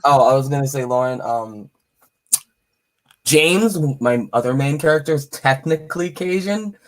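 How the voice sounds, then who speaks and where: A man's voice: mid-range voice, animated, normal speed. A man, an author, in casual conversation, laughing often as he talks. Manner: laughs often between remarks. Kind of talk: casual chat.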